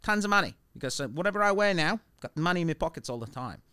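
A man putting on a deliberately bad Australian accent to voice a man whose head is half an orange, telling a street joke. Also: a little high, expressive, sharp tone, clean tone, dry recording. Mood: easygoing. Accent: put-on bad Australian.

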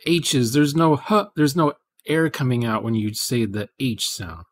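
During a programming livestream, a man with a mid-range voice rambles through casual chat at an unhurried pace, muttering asides to himself while he codes. The audio has no echo.

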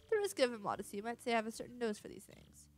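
A pompous, long-winded detective, as a woman puts him on, lingering grandly over every phrase with lively rises and falls. He savors his own cleverness in a video game read-aloud. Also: on the high side, rapid-fire. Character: pompous self-important male detective.

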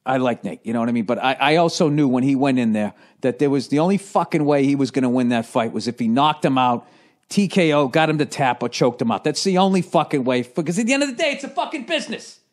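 A man's voice: mid-range voice, quick pace. A man, a comedian hosting a podcast, telling a story in a casual, rambling monologue full of swearing and restarts. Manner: profane, animated storytelling with many restarts.

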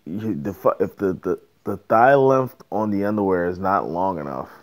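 A man's voice: sits low, expressive, normal speed. A man hosting a solo podcast, ranting casually in a profane, rambling, joking way. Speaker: podcast host.

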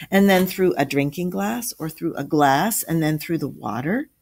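A man's voice: fairly high pitch, lively intonation, moderate pace, creaky, darkish tone. A woman reading the part of a patient, teasing grandfather who eagerly explains science to his grandchildren. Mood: explaining. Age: older.

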